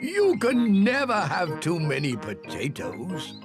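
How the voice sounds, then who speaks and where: A man's voice: huge pitch swings, takes it slowly, loud music behind the voice, full character voice. A man voicing a hearty, jolly old grandfather pig in a cartoon, speaking. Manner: hearty, booming, pleased with himself.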